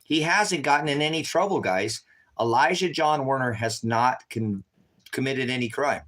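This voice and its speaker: A man's voice: mid-range voice, expressive, moderate pace, fairly bright tone. A man livestreaming to his viewers, talking urgently and repetitively, tired from staying up all night. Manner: urgent and repetitive, constantly addressing viewers as guys. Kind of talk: unscripted livestream talk to viewers.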